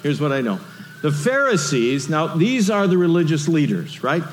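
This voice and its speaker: Animated preacher in an echoey hall. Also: male voice, a little high, normal speed, a little hiss or hum. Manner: animated, conversational preaching with rhetorical questions. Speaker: pastor. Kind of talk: sermon.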